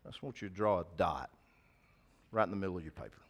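A man's voice: sits low, expressive, fast, gravelly. Middle-aged man, folksy pastor addressing his flock in a sermon. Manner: folksy, talks to congregation directly. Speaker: preacher.

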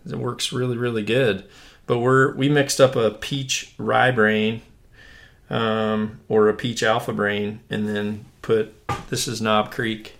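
A man's voice: on the low side, slow pace, gravelly. Rambling, laid-back male podcast host. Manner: rambling, relaxed, lots of fillers and restarts. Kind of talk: casual chat.

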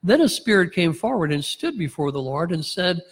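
Male pastor, sermon delivery, slightly high voice, sarcastic wit, reverberant hall. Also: big pitch swings, normal speed, slightly rough. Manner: reads scripture aloud, plays characters' lines with wry sarcasm and chuckles.

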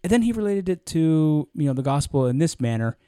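A man co-hosting a podcast in casual chat, animated and rambling, with lots of fillers and restarts. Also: fairly high pitch, a little fast, clear, resonant tone, no echo, studio quality. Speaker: podcast co-host.

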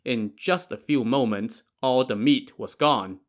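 A man's voice: mid-range voice, a little slow. A man narrating a classic tale in a casual way, with joking asides. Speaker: storyteller.

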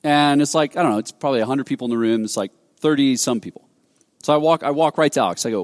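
A man's voice: mid-range voice, fast talker, in a large hall. A man preaching a sermon, telling a story animatedly and acting out quoted dialogue with frequent restarts. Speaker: pastor.

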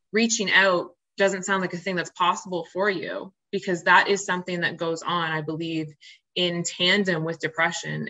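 A woman's voice: on the low side, sharp tone, rough recording. A woman who is a podcast guest, telling her personal story openly and earnestly, with many fillers and restarts. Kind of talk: candid personal storytelling in interview.

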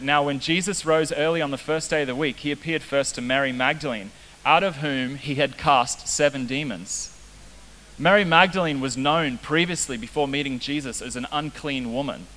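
A man's voice: fairly high pitch, pushed and bright. A young man preaching a casual, joking sermon as a youth pastor. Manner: casual, joking, self-deprecating. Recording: reverberant hall with faint hiss.

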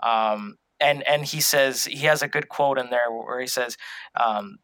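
Bright-voiced man chatting casually. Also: mid-range voice, measured pace, no room sound, low-quality recording. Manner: rambling, many fillers and restarts. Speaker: podcast co-host. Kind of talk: casual fan discussion.

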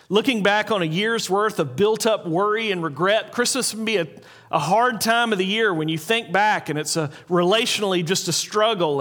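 A man preaching a sermon in an earnest way, slowing down and repeating key lines for emphasis. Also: high-pitched, a bit bright. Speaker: pastor.

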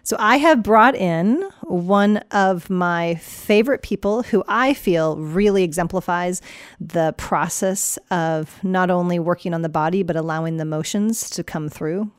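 A woman hosting a health podcast as a chiropractor, talking casually and telling stories with lively energy. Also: fairly low pitch, measured pace, smooth, no room sound, clean studio sound. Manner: energetic, animated storytelling.

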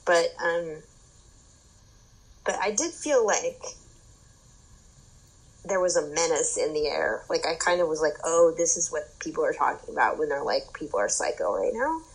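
A young woman with a husky, slightly low voice tells a story in relaxed chat. She talks animatedly, full of "like" and "um", and she swears freely. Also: moderate pace, long pauses, rough recording. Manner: animated storytelling, frequent fillers, swearing, laughing. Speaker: guest telling a story. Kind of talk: casual chat.

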